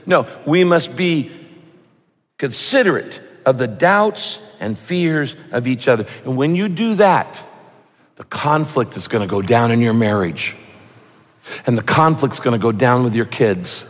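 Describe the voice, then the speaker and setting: A man's voice: medium pitch, expressive, moderate pace, big-room sound. A man preaching a sermon as a pastor, with punchy rhyming lines and mock voices for his examples.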